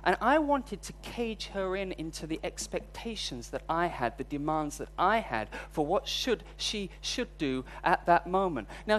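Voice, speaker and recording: A man's voice: high-pitched, slight background noise. A man preaching a sermon, telling a personal story in a candid, self-deprecating way. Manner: storytelling, voice rising when recounting frustration.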